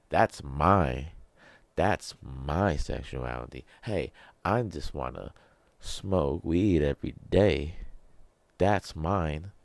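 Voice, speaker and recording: A man's voice: very deep voice, creaky, dry recording. A man in his thirties hosting a solo podcast, rambling and joking in a loose, profane way. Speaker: podcast host. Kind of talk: casual solo rant.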